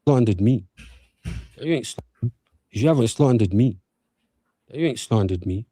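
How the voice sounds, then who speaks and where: A man's voice: medium pitch, animated, a little slow, warm tone, no echo. A man speaking in a response video, defiant and repeating "do you get what I'm saying".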